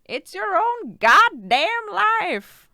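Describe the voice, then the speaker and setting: Woman putting on a cranky old grandmother voice, high and strained, blunt and foul-mouthed, dry close mic. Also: sing-song, very slow, sharp tone, no room sound, full character voice.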